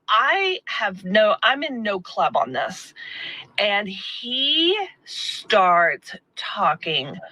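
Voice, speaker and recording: A woman from the United States telling a travel story in a chatty, frank, animated way. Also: mid-range voice, poor audio. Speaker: storyteller in a clip. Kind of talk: casual storytelling.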